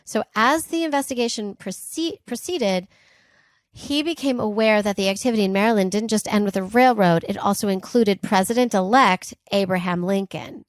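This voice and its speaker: A woman's voice: medium pitch, normal speed, no echo. Chatty woman podcast co-host, dry sound. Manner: chatty and animated, laughs often, asides with "like" and "um". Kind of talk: casual chat retelling history.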